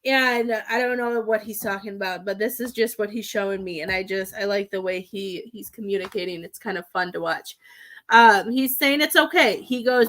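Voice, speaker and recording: A woman giving a live psychic reading as a medium, talking in halting, rambling bursts with many restarts. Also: mid-range voice, fairly bright tone.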